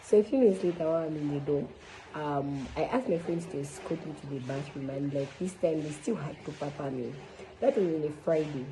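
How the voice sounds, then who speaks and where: A woman's voice: low-pitched, a little fast, mellow, slight background noise, poor audio. A young woman from Zambia casually telling viewers a personal story, chatty and full of fillers. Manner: chatty, addresses viewers as guys, many fillers. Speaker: vlogger sharing a testimony.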